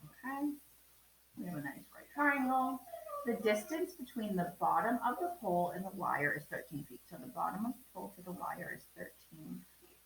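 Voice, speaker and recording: A woman's voice: mid-range voice, expressive, normal speed, gravelly, a little hiss or hum. Chatty woman teacher, echoey room. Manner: chatty, many ums, talks through steps. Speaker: math teacher. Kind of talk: remote class lesson.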